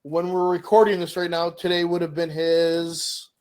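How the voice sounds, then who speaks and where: At normal speed and a fairly high pitch, a middle-aged co-host chats casually on a podcast. He's an energetic storyteller who acts out voices and asks questions along the way.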